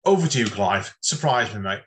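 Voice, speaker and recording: British man hosting an open mic on a video call, friendly mate-heavy banter, fairly low voice with a sharp bright edge. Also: expressive, a little fast. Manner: chummy, says "mate" a lot.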